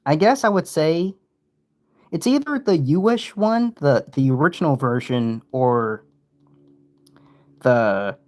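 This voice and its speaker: A man's voice: a little high, slow, pauses often. A young man giving casual, rambling livestream commentary, often interrupting himself. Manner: rambling, self-interrupting, animated. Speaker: streamer.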